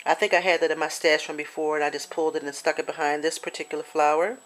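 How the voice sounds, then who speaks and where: A woman's voice: sits low, flat delivery, quick pace. A woman chatting her way through a handmade craft project with many fillers and restarts, now and then apologetic. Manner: gets emotional and apologetic. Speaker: crafter showing a swap project. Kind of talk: casual show-and-tell craft video.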